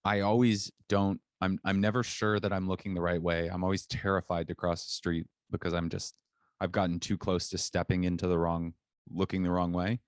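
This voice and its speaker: Podcast co-host, deep dry-voiced man, rambling deadpan storyteller, remote-call sound. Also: fairly quick, smooth, no room sound. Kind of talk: casual chat.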